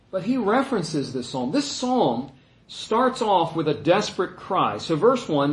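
Male pastor mid-sermon, earnest and emphatic, voice on the higher side, reverberant church room. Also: very animated. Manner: earnest, emphatic teaching with frequent "uh" pauses. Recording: echoey room.

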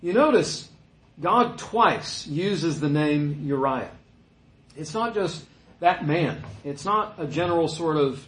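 A man delivers a sermon in a slightly higher-than-usual voice. His speech rings through an echoey room. He moves easily between reading scripture and chatty explanation. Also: expressive, unhurried. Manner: conversational teaching, reading scripture aloud. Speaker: pastor.

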